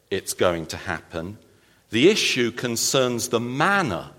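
Animated man preaching in a reverberant hall. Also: mid-range voice. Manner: animated, emphatic preaching with playful asides. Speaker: pastor. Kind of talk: sermon. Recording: long reverb of a large hall.

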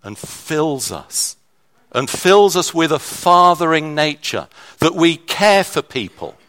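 A man's voice: fairly high pitch, lively intonation, unhurried, fairly bright tone, smooth. Man preaching a conversational sermon. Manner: conversational, with restarts and varied emphasis.

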